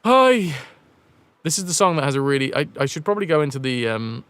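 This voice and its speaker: A man's voice: medium pitch, animated, very fast, clear, resonant tone, dry recording. A man streaming a retro game, chatting with viewers, joking, swearing and thinking aloud as he plays. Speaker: livestream gamer. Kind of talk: casual gameplay chat to stream viewers.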